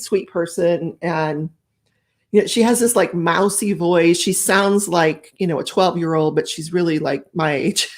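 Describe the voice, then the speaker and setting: Chatty middle-aged woman crafting live. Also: on the low side. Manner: chatty and rambling, reads viewer comments aloud, laughs often. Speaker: live stream crafting host. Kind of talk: casual live stream chat.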